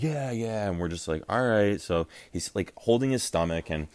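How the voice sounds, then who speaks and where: Really deep voiced young guy on a podcast, rambling party story full of likes and swearing, dry close mic. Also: normal speed, hardly any pauses, smooth, no room sound. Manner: animated, acts out quotes, lots of fillers and swearing. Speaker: podcast co-host. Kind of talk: casual storytelling.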